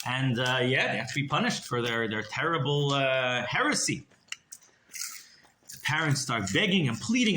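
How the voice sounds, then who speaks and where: A man's voice: mid-range voice, sing-song, moderate pace, pushed and bright, slight background noise. A man, a rabbi, tells a story in a sermon and keeps checking in with the listeners by asking "right?". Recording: roomy echo, faint clicks.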